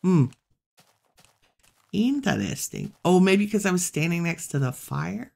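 A woman hosting a relaxed let's-play, musing aloud and chatting to the animals she meets in the game. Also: on the low side, unhurried, vocal fry. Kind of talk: relaxed gameplay commentary.

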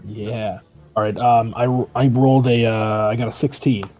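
A man's voice: lowish voice, steady tone, normal speed, darkish tone, dull audio, soft background music. A man playing a tabletop game, stammering and restarting as he declares his character's actions. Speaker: player.

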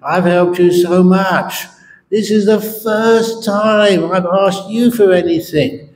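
A man's voice: high voice, steady tone, slow, a little mellow, voice pushed up. A man voicing an eager, insistent grown man who keeps pressing to hear his fortune. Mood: pleading. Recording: echoey meditation hall.

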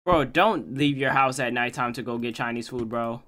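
A man's voice: mid-range voice, moderate pace, very noisy. A man casually commenting on a horror game he is playing, rambling in slang and calling everyone "bro". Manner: slangy, rambling jokey rants, says "bro" constantly. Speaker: gaming YouTuber. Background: game music.

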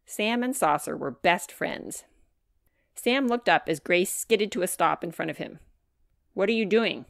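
A woman narrates her own children's chapter book in a clear, measured storytime voice. Her voice sits slightly low. The recording is close and dry. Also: animated, fairly bright tone, no room sound. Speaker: author reading her book.

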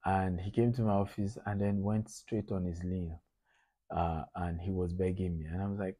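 A man's voice: low voice, fairly even intonation, moderate pace, warm tone, no room sound. A middle-aged man from Nigeria giving a conversational business lecture to entrepreneurs, often repeating his points for emphasis.

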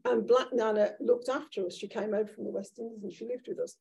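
A woman in her sixties with a Brummie accent and a gravelly, husky voice, speaking as a guest author onstage. Her tone is mellow and dark, and she tells candid, lively stories with frequent restarts. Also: a little high, fast. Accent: Birmingham. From Birmingham, England. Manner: animated, candid storytelling with restarts. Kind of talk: conversational onstage talk. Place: event room with an audience.

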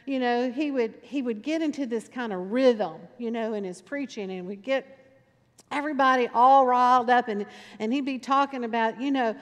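Preaching at a moderate pace, a woman pastor tells stories in a conversational way and drives her points home by repeating them. Her voice is a little high for a woman and echoes with the long reverb of a church sanctuary.

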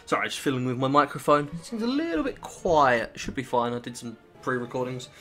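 A man's voice: medium pitch, very animated, a little fast, sharp tone, faint music behind. A British man rambling casually through let's play commentary, with lots of fillers and the odd swear. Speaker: gaming channel host.

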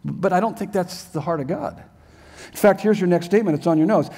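A man's voice: sits high, expressive, fast talker, warm tone. An older man preaching a sermon as a pastor in a church sanctuary, earnest and emphatic, with many rhetorical questions.

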